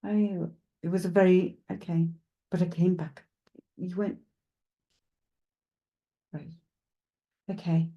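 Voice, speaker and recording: A woman giving a live psychic reading. She chats with her viewers and thinks out loud as she works. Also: on the low side, fairly even intonation, slow, long pauses, muffled recording. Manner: chatty, thinks aloud, addresses viewers directly; hesitant, with frequent restarts while working things out. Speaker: psychic medium. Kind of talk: live streamed mediumship reading.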